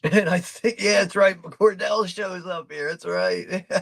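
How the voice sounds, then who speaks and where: Man, gravelly fry, dry close mic, casual live movie commentary, swears a lot. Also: high voice, steady tone, slow pace, pushed and bright, no room sound. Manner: laid-back, swears freely, laughs often. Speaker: watch party host.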